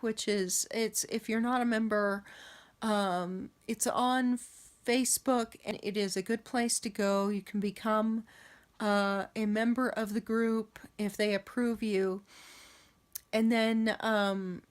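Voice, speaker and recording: Slow-talking, rambling woman. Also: mid-range voice. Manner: rambling, with many ums and restarts. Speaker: vlogger recounting dreams. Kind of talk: casual storytelling. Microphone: camera.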